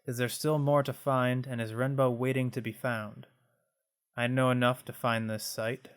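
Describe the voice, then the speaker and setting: A man's voice: mid-range voice, level tone, moderate pace, clean tone. A man hosting a casual let's play, thinking aloud, reading menus, and making self-mocking asides. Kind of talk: casual gameplay commentary.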